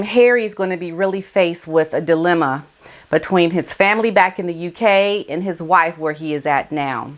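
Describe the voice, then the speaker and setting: Emphatic woman giving gossip commentary. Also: fairly low pitch. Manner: emphatic and colloquial, repeats key words for effect. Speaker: vlogger. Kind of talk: casual celebrity gossip commentary.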